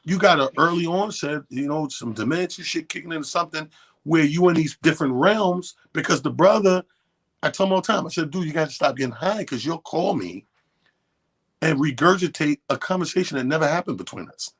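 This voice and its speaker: A man's voice: fairly high pitch, animated, a little fast, husky. A man co-hosting a radio show, telling a long, profane story in casual chat and acting out both sides of the quotes. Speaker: radio co-host. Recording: radio studio.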